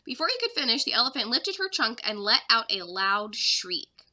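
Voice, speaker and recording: Bright, expressive teacher reading aloud. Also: female voice, on the high side, moderate pace. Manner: expressive storyteller. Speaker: third-grade teacher. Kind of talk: reading a children's chapter book aloud.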